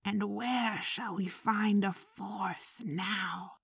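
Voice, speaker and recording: A woman as a grieving, gentle older man in an audiobook; hushed, low and slow. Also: steady tone, vocal fry, slightly rough, heavily acted.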